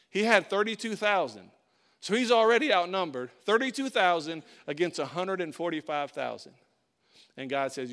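A pastor preaching to his congregation in a high, bright voice. He tells a story with energy and acts out the voices in it. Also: smooth. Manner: animated storytelling, acting out voices. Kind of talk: sermon.

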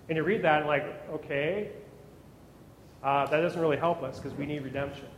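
A man's voice: fairly high pitch, steady tone, normal speed. A man preaching a sermon as pastor, with emphatic rises and words repeated as he builds up. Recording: echoey hall with long reverb.

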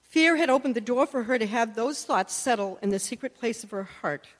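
With a fairly high, animated voice and a slightly fast pace, this Christian teacher and prayer minister delivers a sermon through heartfelt personal anecdotes. She voices the people she quotes, and a long hall reverb echoes behind her.

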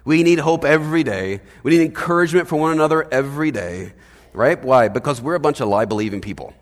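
A man preaching a sermon as pastor, conversational and animated, often checking in with "right?". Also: on the high side, fast talker, big-room sound. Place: church hall.

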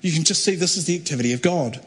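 A man preaching, telling a story in a conversational sermon style with halting restarts that builds to fervent emphasis. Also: on the high side, slightly rough. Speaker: pastor. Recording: long hall reverb.

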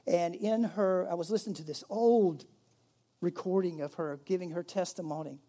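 Mellow-voiced pastor preaching conversationally. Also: male voice, high-pitched, moderate pace. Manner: conversational, with emphatic rises and hushed drops. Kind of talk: sermon.

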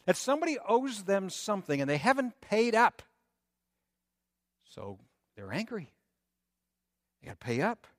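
Man preaching, animated, pitch swinging up and down, slightly high voice, dry close sound. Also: a little slow, long pauses, dry recording. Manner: animated preaching with rising emphasis and rhetorical questions. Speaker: pastor. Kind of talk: sermon.

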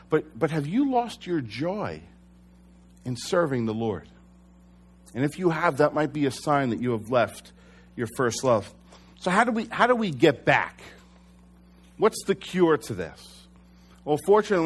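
A middle-aged man preaching in a church, telling a personal story with animated delivery and self-deprecating humor. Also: mid-range voice. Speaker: pastor.

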